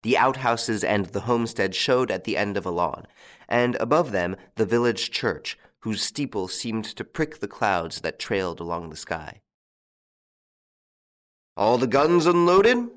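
Low-voiced male audiobook narrator. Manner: steady, measured reading. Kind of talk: scripted narration.

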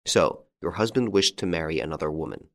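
A man playing a calm, masterful gentleman rescuer, courteous and commanding. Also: rumbling low, brisk, creaky, heavily acted. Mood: probing.

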